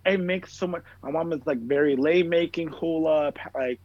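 A man's voice: fairly high pitch, moderate pace, darkish tone. A man in casual chat, telling stories in a rambling way, heavy on fillers and swearing. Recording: dull lo-fi sound, dry room.

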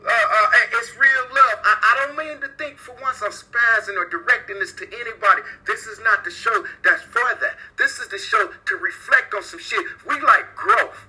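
A brash, profane man runs his own call-in show, shouting out friends and joking with listeners. His voice sits high and sounds very bright and sharp. He talks in a loose, freewheeling monologue. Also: normal speed, few pauses, rough recording. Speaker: podcast host.

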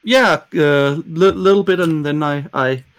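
A man appearing as a guest on a casual podcast, talking in a lively way and laughing easily. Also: a little high, a little slow, clean tone.

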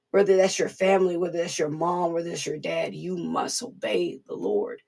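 A woman's voice: on the low side, fairly even intonation, normal speed, gravelly, few pauses, a little mellow. A woman giving an informal devotional sermon in an earnest, repetitive, conversational way. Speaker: preacher.

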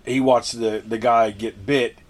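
A man's voice: medium pitch, steady tone, a little slow. Man, podcast co-host, casual movie recap, rambling, lots of ums. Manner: rambling, filler-heavy retelling.

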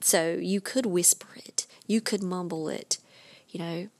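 A woman hosting a podcast, giving casual, emphatic writing advice with quick asides. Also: lowish voice, a little mellow, dry recording. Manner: chatty, emphatic, with dropped asides. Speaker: podcast host and writing coach.

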